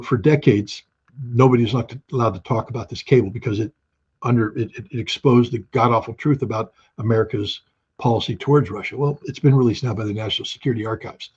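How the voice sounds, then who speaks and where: A man's voice: mid-range voice, brisk, darkish tone, husky, muffled recording. A man speaking as an interview guest, blunt and emphatic, firing off rhetorical questions and answering them himself. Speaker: guest commentator. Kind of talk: opinionated interview talk.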